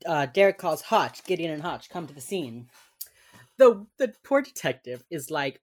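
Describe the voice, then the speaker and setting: A young woman co-hosting a casual chat, recapping a TV episode and acting out quotes with sudden loud bursts. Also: sits low, sing-song, moderate pace. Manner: chatty, acts out quotes with sudden yells. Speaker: podcast co-host recapping a TV episode.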